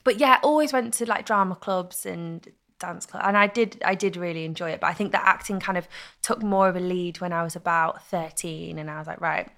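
A young woman, telling stories in a casual interview with lively, laughing chat. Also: lowish voice, fairly quick. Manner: chatty, animated storytelling with laughs. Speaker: guest, content creator.

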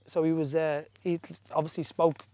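A man's voice: on the high side, little pitch movement, moderate pace, warm tone, no room sound. A man from Ireland in his forties, a former footballer telling stories in casual chat, full of restarts and asides. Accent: Irish. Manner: rambling storytelling with restarts.

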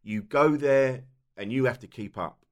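A man's voice: mid-range voice, unhurried. A man in his forties from southern England, a guest telling stories animatedly and swearing freely in a hotel room. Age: 40s. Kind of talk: casual chat.

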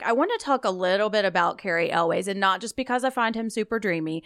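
Woman, podcast co-host, casual film chat, gravelly vocal fry, chatty fillers. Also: mid-range voice, lively intonation, fairly quick, hardly any pauses, a bit bright. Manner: chatty, lots of "like" and "you know".

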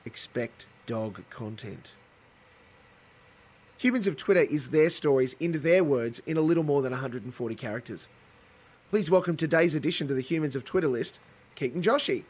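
A male podcast host with a slightly husky, breathy voice. He speaks in a measured, formal way as he introduces and questions his guest. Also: medium pitch, expressive, darkish tone. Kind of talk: podcast interview.

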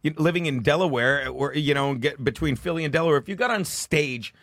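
Comic in his fifties from South Jersey, loud and profane, slightly raised voice, dry close sound. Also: a little high, vocal fry, no room sound. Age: 50s. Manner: loud, profane, rapid storytelling. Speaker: guest comedian. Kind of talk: casual podcast chat.

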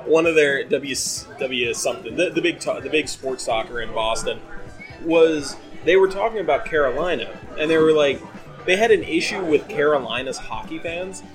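A man's voice: on the high side, expressive, moderate pace, music in the background. A man hosting a podcast in casual chat, rambling and laughing often. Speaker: podcast host.

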